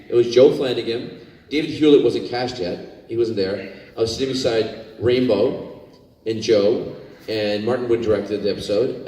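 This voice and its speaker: Rambling man telling stories in echoey hall. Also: mid-range voice. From Scotland. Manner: rambling, animated, with many fillers and restarts. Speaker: guest actor at a fan convention panel. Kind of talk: anecdotal storytelling to a fan audience. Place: convention panel room. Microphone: handheld microphone. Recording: echoey hall, distant mic, faint room noise.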